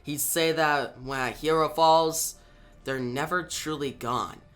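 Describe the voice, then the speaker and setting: A grave young mystic heroine, as a man reads her lines in a comic recap. She speaks quietly and slowly in a bright voice, over faint music. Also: a little high, steady tone. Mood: mournful. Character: grave young adult female mystic hero.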